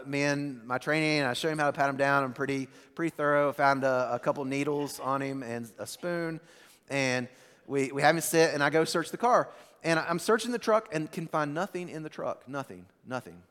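As pastor, a man preaches a sermon built around a story, breaking into animated bursts before dropping to a hushed, slow delivery. His voice is on the high side with a clean tone, heard in a large hall.

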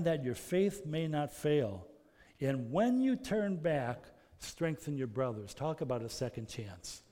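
A man preaching a sermon as pastor, earnest, moving between loud emphasis and soft, intimate passages. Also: a little high. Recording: long reverb of a large hall.

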